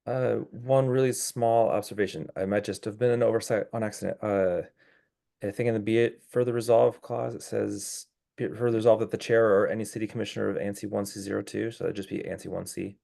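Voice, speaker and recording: Man who is losing his voice, low and gravelly, runs a community meeting in an easygoing, procedural way. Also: fairly even intonation, a little fast, dark tone. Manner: casual, clarifying, procedural. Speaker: meeting chair of a neighborhood commission. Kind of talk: chairing a public meeting.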